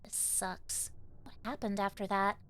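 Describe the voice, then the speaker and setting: A woman voicing a frightened, anxious teenage schoolgirl in a game, speaking in a soft, hushed, shaky way. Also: mid-range voice, fairly even intonation, a little slow, a little hiss or hum, lightly acted. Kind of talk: reading game dialogue aloud.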